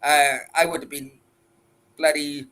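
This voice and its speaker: A man hosts a late-night chat stream with a bright, sharp tone and a slightly high voice. He rambles crudely, swears freely and stumbles through restarts as he answers chat. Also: flat delivery, unhurried. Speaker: livestream host answering chat.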